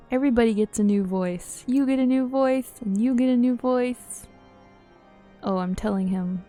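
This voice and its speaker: A woman chatting playfully while she streams a game, joking and laughing at her own voices, over soft music. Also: a little high, normal speed. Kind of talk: casual live-stream commentary. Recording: faint game music behind.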